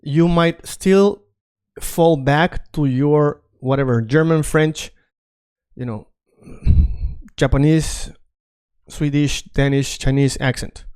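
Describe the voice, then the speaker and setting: Smooth-voiced man drilling phrases. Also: on the high side, takes it slowly, pauses often, a little mellow. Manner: repeats phrases for drilling, coaxing learners to say them along. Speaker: Spanish teacher. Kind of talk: language drill lesson.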